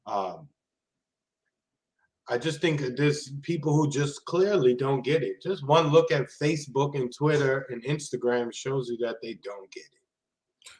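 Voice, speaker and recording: A man co-hosting a political talk show, speaking haltingly with many fillers and restarts. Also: mid-range voice, darkish tone, poor audio. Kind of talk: casual political chat.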